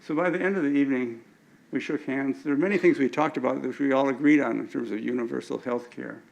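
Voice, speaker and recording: A man's voice: medium pitch, fairly even intonation, fast talker, gravelly, darkish tone, muffled recording. An older man giving an anecdotal lecture with slides at an alumni event, often stumbling and restarting his words.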